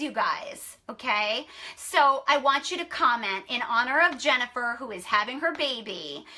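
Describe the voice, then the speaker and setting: A woman hosts a casual live stream as a sleep consultant, talking straight to her viewers. She sounds bubbly and effusive and repeats herself for emphasis. Her voice sits a little high and rings bright. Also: animated, measured pace.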